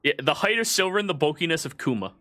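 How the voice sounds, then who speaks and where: Bright-voiced man running a tabletop game. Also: fairly high pitch, big pitch swings, slight background noise. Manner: descriptive, halting narration with fillers. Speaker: game master.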